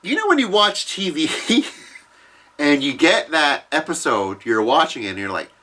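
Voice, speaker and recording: A man casually retelling a comic storyline, profane and animated, acting out what the characters say. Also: on the high side, measured pace. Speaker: comics explainer.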